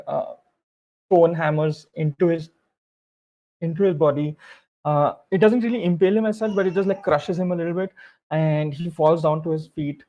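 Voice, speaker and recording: A man's voice: a little high, gravelly, muffled recording. A man narrating a tabletop game as game master, rambling with many fillers and restarts.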